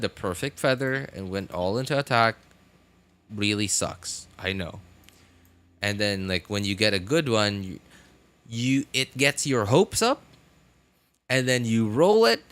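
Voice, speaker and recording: A man's voice: medium pitch, a bit bright. A man streaming a game, chatting casually in a rambling, wry way, often restarting his sentences. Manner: rambling, self-correcting, wry. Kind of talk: casual live-stream chat.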